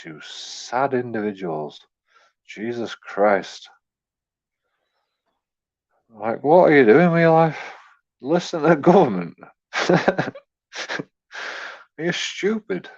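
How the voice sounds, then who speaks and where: English bloke going off on a sweary rambling rant, kinda dull lo-fi audio. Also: male voice, fairly high pitch, expressive, slow pace, vocal fry, long pauses, a little mellow. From England. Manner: profane, rambling, stumbling repeats, chuckling. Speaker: YouTube commentator. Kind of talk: casual rant.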